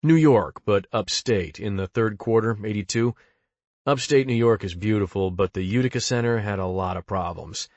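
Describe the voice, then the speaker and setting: A man reading an audiobook, delivering monologues in a conversational, deadpan and wry manner. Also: on the low side, moderate pace, no room sound, highs cut off. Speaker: audiobook narrator.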